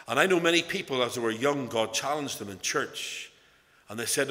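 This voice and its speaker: A Northern Irish lay preacher delivers an evening sermon with earnest, storytelling emphasis. His voice sits mid-range, bright and forceful. Long reverb from the church hall trails each phrase. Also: mid-range voice, expressive, normal speed.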